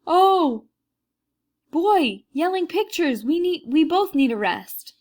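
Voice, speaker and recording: A woman's voice: on the high side, animated, normal speed. A woman doing a jittery sidekick crook. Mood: jumpy. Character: nervous male sidekick thief.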